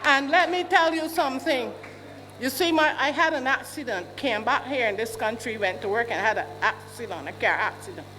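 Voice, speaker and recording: A woman's voice: a little high, moderate pace, faint music behind. A woman in her sixties with a Barbadian accent, speaking up indignantly as a resident at a town hall meeting, often asking questions aloud. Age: 60s. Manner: indignant, repeats questions, rising to shouts. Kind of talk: public complaint at a meeting. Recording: hall reverb, faint hum.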